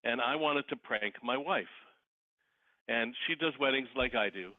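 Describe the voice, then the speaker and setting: A man speaks as a guest over a thin, phone-like line with a dry, close sound. He tells his stories with lively energy and acts out the voices of the people in them. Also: medium pitch, measured pace, no room sound. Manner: lively storyteller who acts out quoted voices. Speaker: guest, wedding officiant and celebrity impersonator. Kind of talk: casual interview storytelling.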